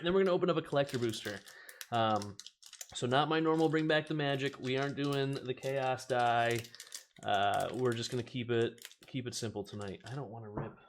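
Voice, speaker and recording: A man's voice: medium pitch, slight background noise. A man hosting a casual stream, chatting, laughing often and reading cards and viewer comments aloud. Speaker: host of a card-opening stream. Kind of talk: casual chat while opening card packs.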